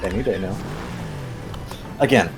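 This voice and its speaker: Male gaming buddy, dry quips, soft game music in the background. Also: on the low side, unhurried. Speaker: gaming partner. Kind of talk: casual gaming chat.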